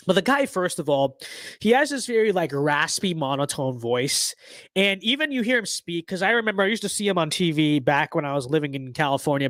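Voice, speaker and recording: A man's voice: a little high, a bit bright, no echo. A young man with a stuffy nose, giving blunt, sarcastic and rambling political commentary in a casual livestream.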